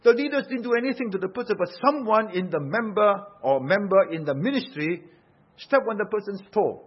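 Emphatic preacher, husky slightly high voice. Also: male voice, animated, brisk. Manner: emphatic, rhetorical questions, rising and falling force. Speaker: pastor. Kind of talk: sermon. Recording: dull lo-fi sound.

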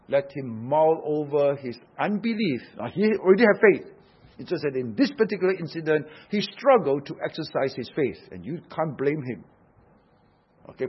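A male preacher delivers his sermon with a husky edge to his voice. He is emphatic, dropping into hushed tones and then pressing hard on key phrases. The recording sounds dull and lo-fi. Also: a little high. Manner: emphatic, swings from hushed to loud.

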